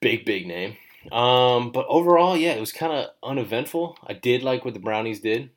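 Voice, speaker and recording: A man's voice: mid-range voice, expressive, moderate pace. A man co-hosting a podcast in a studio, chatting casually in a rambling, joking way. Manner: rambling, laid-back, joking. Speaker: podcast co-host. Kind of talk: casual chat.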